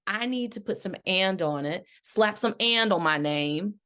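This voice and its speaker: A middle-aged woman, a life coach hosting her own podcast, telling a story with lively acted-out quotes and talking straight to her listeners as y'all. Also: medium pitch, unhurried. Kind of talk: casual solo podcast talk.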